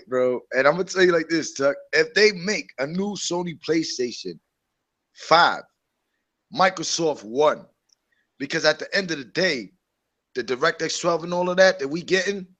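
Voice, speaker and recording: A man in casual gaming chat, preachy and animated. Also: fairly high pitch. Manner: animated, preachy, mocks others in a put-on voice. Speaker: co-host.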